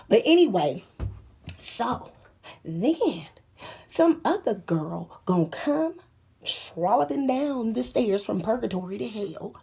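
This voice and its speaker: A young woman vlogging from a small bathroom, telling a story in a brash, profane, animated way and often dropping to a whisper. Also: a little high, a little slow, gravelly, husky.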